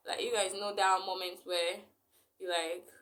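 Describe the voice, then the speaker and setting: A woman's voice: mid-range voice, level tone, a little slow, fairly bright tone. A young woman, recounting a story in a rambling vlog style full of fillers. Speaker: vlogger.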